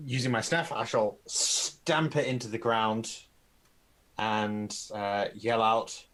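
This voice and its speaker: A young man playing a tabletop game, calmly reading out spell rules in a measured way. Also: fairly low pitch, low-quality recording. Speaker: player. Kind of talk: casual tabletop game play.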